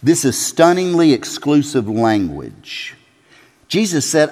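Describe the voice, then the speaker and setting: A male pastor preaching a sermon in a folksy, emphatic way, building to loud peaks. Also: on the high side, very animated, normal speed. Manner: folksy, emphatic, rising to shouts. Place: church sanctuary. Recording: church hall reverb.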